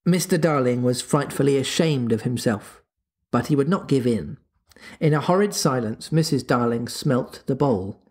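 A podcast host reading a classic novel aloud, animated and chatty. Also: mid-range voice, moderate pace. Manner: animated, breaks off to chat and laugh.

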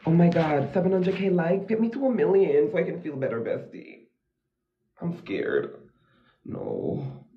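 A man's voice: sits high, expressive, fast, hardly any pauses, a little hiss or hum. Jittery, dramatic man on a phone live stream. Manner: dramatic, jittery, gushes at viewers. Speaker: livestream host. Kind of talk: casual live-stream chat. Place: dim room at home at night. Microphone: phone propped against a mirror. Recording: echoey, dull lo-fi phone audio.

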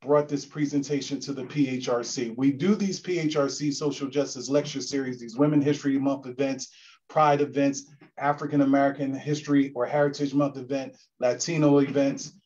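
A man's voice: mid-range voice, fairly even intonation, a little fast, a little mellow. Solemn man giving closing remarks. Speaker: commission official closing the event. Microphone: video call. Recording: dull lo-fi call audio.

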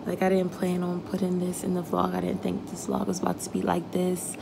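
A young woman in her twenties speaking in a hushed half-whisper to her vlog camera. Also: on the low side, monotone, moderate pace, vocal fry, very noisy. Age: 20s. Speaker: vlogger. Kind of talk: quiet confessional vlog.

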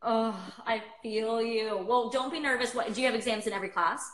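A young woman chats casually on a phone livestream, bubbly and quick to laugh. Her voice is bright and sits a little high. The room around her rings with echo. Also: fairly even intonation. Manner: bubbly, chatty, laughs often. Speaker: host of a livestream.

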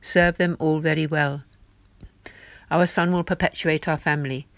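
Earnest humble devotee man pleading gently , read by a woman, dry close sound. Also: sits low, steady tone, normal speed, no room sound. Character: devout humble grown man, earnest disciple.

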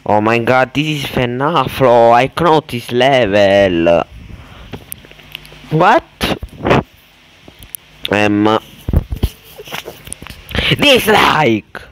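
A man doing casual gameplay commentary as a gaming YouTuber, erratic and exclamatory, swinging between mumbles and yells. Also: medium pitch, sing-song, very slow, pauses often, noisy background.

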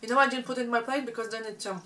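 A woman's voice: a little high, steady tone, rapid-fire, bright, forceful tone, distant mic, slight background noise. A woman co-hosting a family eating show at home, teasing and bantering in casual chat. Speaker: mukbang co-host.

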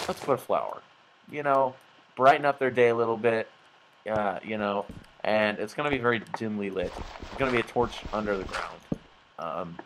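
A man's voice: fairly low pitch, background noise. A young man giving goofy, rambling let's play commentary and laughing at himself. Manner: rambling, goofy, self-mocking, lots of laughs. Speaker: gaming channel host.

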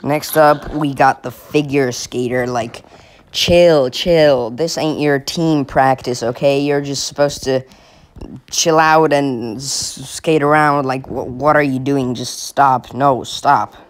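A man's voice: medium pitch, fairly even intonation, slow pace. A young man from Finland giving mocking, exasperated comic commentary over a video. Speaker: comedy video creator.

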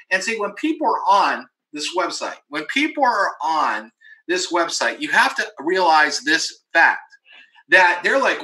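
A man giving an energetic marketing pitch in a webinar, emphatic and acting out the doubts of his prospects. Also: measured pace. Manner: emphatic, acts out quoted voices of prospects. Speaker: webinar presenter. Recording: roomy echo.

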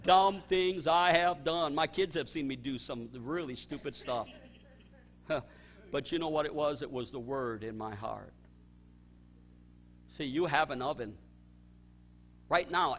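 A middle-aged male pastor telling a personal story in a sermon, his voice swinging from loud excited bursts to low quiet emphasis. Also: a little hiss or hum.

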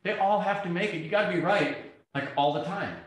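A middle-aged man's high-sitting voice moves briskly through a public talk, echoing heavily around a lecture hall. He narrates stories with energy, voicing the exchanges within them.

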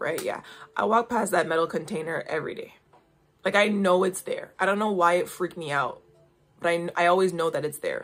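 A woman's voice: fairly low pitch, creaky, a bit bright, husky. A young woman hosting a casual spiritual chat, talking emphatically and coaxing her listeners, often checking in with "okay?". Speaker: podcast host giving intuitive readings.

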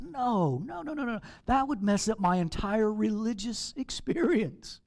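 A man, a pastor, preaching a sermon in an animated, playful way with acted asides. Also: high-pitched, measured pace. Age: over 40.

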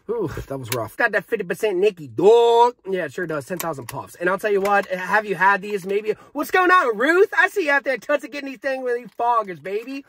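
A man's voice: high-pitched, fairly bright tone, no room sound. A young man reviewing a vape in a casual, hyped, joking vlog, talking straight to his viewers.

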